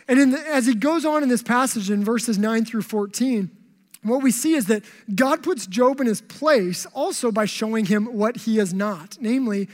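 Preacher with long hall reverb. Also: medium pitch. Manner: conversational, humorous, lively asides. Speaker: pastor. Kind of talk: sermon.

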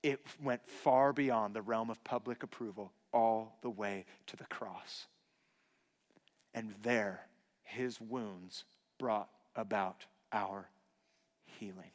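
A man in his thirties preaching a sermon, telling personal stories earnestly and dropping to a hushed voice for emphasis. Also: fairly low pitch, fairly even intonation, takes it slowly. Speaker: pastor. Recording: long hall reverb.

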